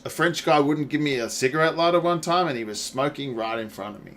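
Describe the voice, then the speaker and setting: A man streaming a game and chatting with his viewers, swearing freely, laughing often and reacting loudly to their messages. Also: fairly high pitch, fast talker, hardly any pauses, a little hiss or hum. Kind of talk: casual gaming livestream chat.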